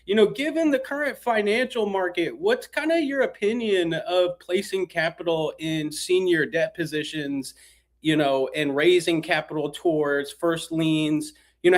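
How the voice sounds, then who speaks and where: High-voiced man hosting a video call. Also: moderate pace. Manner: friendly, loosely phrased questions with fillers. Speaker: host. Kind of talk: interview questions on a video call.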